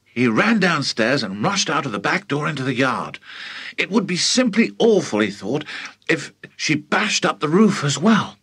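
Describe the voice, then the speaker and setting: An older British man narrating a children's audiobook with theatrical, highly expressive storytelling. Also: moderate pace, breathy edge. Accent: British English. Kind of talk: audiobook reading.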